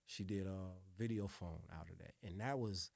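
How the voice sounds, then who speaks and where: A middle-aged man, a music producer being interviewed, telling stories in a relaxed, salty way and often adding "you know what I'm saying". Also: deep voice, moderate pace, gravelly, no echo, studio quality. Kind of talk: casual interview storytelling.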